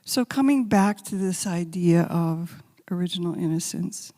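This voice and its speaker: A woman giving a spiritual talk as guest speaker, telling stories gently and sometimes dropping to a soft whisper, then leading a guided meditation. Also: fairly low pitch, expressive, measured pace. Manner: gentle, intimate storytelling, drops to soft whispers. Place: large sanctuary. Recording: long hall reverb.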